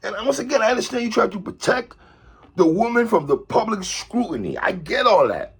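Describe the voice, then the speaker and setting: A man delivering an animated opinion commentary monologue, calling out a TV host and repeatedly tacking on "sister, respectfully.". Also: high-pitched, fairly quick, slightly rough. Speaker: commentary vlogger.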